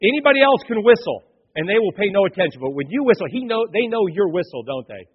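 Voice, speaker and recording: Animated preaching pastor, high lively voice. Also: male voice, quick pace, husky. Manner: animated preaching, rhetorical questions, swings between loud and hushed. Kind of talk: sermon. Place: church sanctuary. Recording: muffled, echoey church hall.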